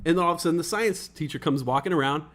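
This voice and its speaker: Young guy streamer rambling thru a story, lots of like and you know, voice sits a bit high. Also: racing, a bit bright. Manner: rambling, many fillers, acts out other people's voices. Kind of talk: casual storytelling chat.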